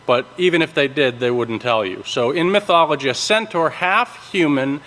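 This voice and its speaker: A man giving a sermon, teaching from scripture in a halting way with many ums, restarts and checks of "okay?". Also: mid-range voice, fairly bright tone. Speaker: preacher. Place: large worship hall. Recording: long reverb of a large hall.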